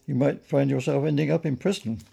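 A man's voice: medium pitch, steady tone, fairly quick, vocal fry, warm tone, slightly rough. A man doing a weary, stern desk policeman. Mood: officious.

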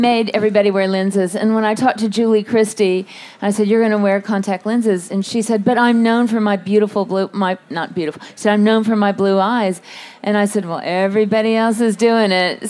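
A woman film director answering interview questions in a relaxed, anecdotal way. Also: medium pitch, moderate pace, hardly any pauses. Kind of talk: press interview.

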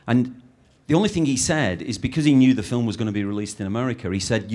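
A middle-aged man from Britain talks through his films as an interview subject. He rambles, breaks off and restarts his sentences, and keeps up a lively flow. His voice sits at an ordinary pitch for a man. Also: fast. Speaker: film director. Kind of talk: interview answers.

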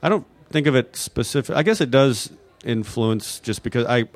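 A man's voice: mid-range voice, expressive, normal speed, no echo. A man from New Mexico answering audience questions in a rambling, unscripted way, hesitating and restarting often. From New Mexico, USA. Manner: hesitant, full of fillers and restarts. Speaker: guest at audience Q&A.

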